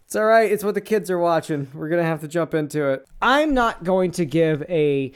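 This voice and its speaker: A man's voice: on the high side, animated, a little fast, slight background noise. A man co-hosting a casual podcast, rambling and swearing as he reads posts aloud with asides. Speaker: podcast co-host.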